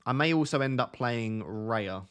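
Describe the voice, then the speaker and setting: A man's voice: mid-range voice, lively intonation, unhurried, a bit bright, clear, resonant tone. A young man with an Essex accent, hosting a casual live stream and chatting back to his viewers. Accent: Essex English. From Essex, England. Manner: chatty, reads and answers viewer chat. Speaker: livestream host. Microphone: close desk microphone.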